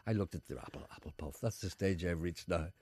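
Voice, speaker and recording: Man, radio presenter, quick speech, lowish voice, dry close mic, theatrical storytelling. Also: slightly rough, no echo. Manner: animated, teasing, theatrical storytelling. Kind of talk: casual studio banter.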